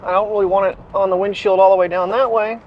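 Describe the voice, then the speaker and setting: A man's voice: sits high, little pitch movement, quick pace. A man vlogging in a rambling, chatty way, talking to the camera and to his dog. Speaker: daily vlogger. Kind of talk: casual chat. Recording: dull lo-fi sound, faint noise.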